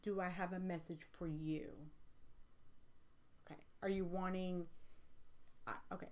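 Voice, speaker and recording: Chatty American woman with a lowish voice. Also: a little slow. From United States. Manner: chatty and rambling, with many fillers; grows animated and emphatic when excited. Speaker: livestream host and psychic reader. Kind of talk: casual livestream chat, answering viewer comments.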